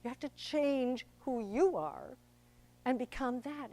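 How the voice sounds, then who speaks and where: A woman's voice: high-pitched, slow, dark tone. An older woman, an actor and director, giving a chatty, theatrical public talk to an audience. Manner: chatty and theatrical, acts out quoted voices.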